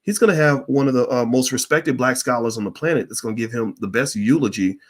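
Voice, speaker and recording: A middle-aged man hosting a Q&A stream, telling a story in a blunt, profane, animated way. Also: mid-range voice, quick pace. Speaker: host of a Q&A stream. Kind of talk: candid storytelling monologue.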